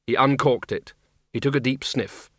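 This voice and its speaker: A man narrating an audiobook in a dry, measured comic reading. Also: medium pitch, dry recording. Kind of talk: scripted narration.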